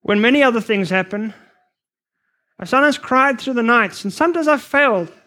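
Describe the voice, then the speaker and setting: A man preaching a sermon to future missionaries, earnest and emphatic, sometimes rushing his words. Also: very high voice, lively intonation, bright, forceful tone. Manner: earnest, emphatic, rushes at times.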